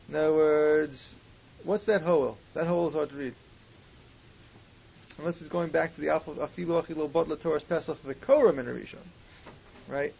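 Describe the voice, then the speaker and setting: A man's voice: on the high side, a little fast, creaky. A man teaching a Talmud class, reasoning aloud and posing questions, in a muffled lo-fi recording with faint hiss. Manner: questioning, reasoning aloud with Hebrew and Aramaic terms.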